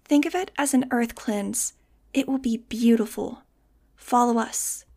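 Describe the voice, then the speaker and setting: Sweet, hypnotic teen cult leader, higher and softly insistent, as a woman reader voices her. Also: a little slow. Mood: serene. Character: sweet-voiced teenage girl, serene cult organizer.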